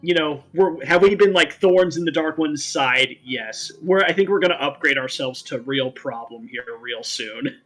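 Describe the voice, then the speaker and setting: Bright-voiced rambling male host. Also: a little high, moderate pace, faint music behind, rough recording. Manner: rambling, full of "like" fillers. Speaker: talk show host. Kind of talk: casual chat.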